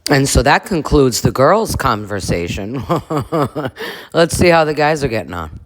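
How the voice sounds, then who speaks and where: A low-voiced woman riffs sarcastically on reality TV as she narrates. Her commentary is casual, crude and full of profanity. She speaks as the host of a comedy reaction channel. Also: sing-song, a little slow.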